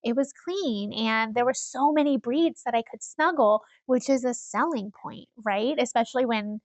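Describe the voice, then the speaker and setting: A woman co-hosting a casual podcast, telling stories in an animated way and laughing often. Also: on the high side, moderate pace, dry recording. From Iowa. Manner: animated storyteller, laughs often, acts out quoted people. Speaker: podcast co-host.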